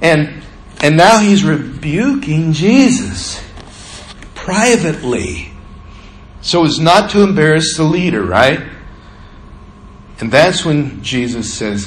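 A male pastor preaching a sermon with animated delivery, acting out the scripture. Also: fairly high pitch, slow pace, echoey room, a little hiss or hum.

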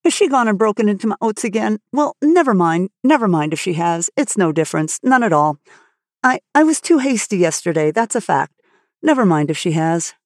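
A sheepish older farmer with a quick temper stammers and blurts his words when he gets flustered, as a woman plays him. It is a storybook reading with a close, dry sound and a middle-pitched voice. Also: big pitch swings, no echo, close to an everyday voice.

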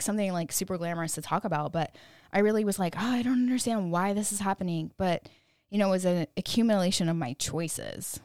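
A woman's voice: fairly low pitch, clear, resonant tone, dry recording, studio quality. A woman in her thirties hosting a solo podcast, talking in a rambling, candid way, full of "like" and "you know", and swearing freely at times. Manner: swears freely when quoting her younger self. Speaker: podcast host. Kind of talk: casual solo podcast monologue.

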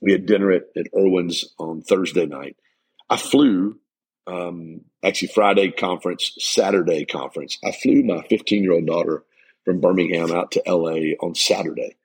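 Gravelly, low-voiced middle-aged man. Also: normal speed, poor audio. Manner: earnest and emphatic, with many restarts. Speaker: life coach and podcast host. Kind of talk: motivational podcast monologue.

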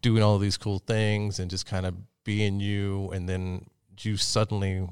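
A man hosting a casual interview, asking curious questions in a relaxed way and swearing casually. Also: lowish voice, unhurried, clear, resonant tone, no room sound, clean studio sound. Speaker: interview host.

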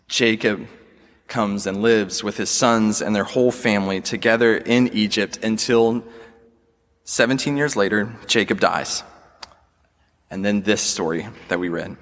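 A man preaching a sermon as a pastor, earnest and measured, often asking the congregation questions. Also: lowish voice, a bit bright, big-room sound.

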